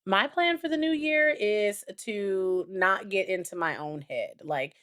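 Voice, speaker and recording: A woman co-hosting a married couple's podcast, telling stories in a rambling, animated way with many fillers. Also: medium pitch, a little slow. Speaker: podcast co-host. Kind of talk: casual chat.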